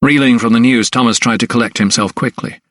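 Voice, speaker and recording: A man narrating a historical mystery audiobook in an even, measured way. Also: medium pitch, no echo, clean studio sound. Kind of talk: scripted narration.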